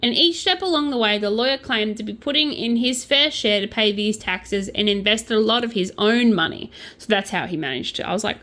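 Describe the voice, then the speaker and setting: A woman's voice: mid-range voice, fairly quick, few pauses, bright, forceful tone. A woman chatting casually about scam stories while crocheting, with playful, jokey asides. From Australia. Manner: playful, jokey asides, breaks into mock accents. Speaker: vlogger. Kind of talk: casual true-crime chat while crocheting.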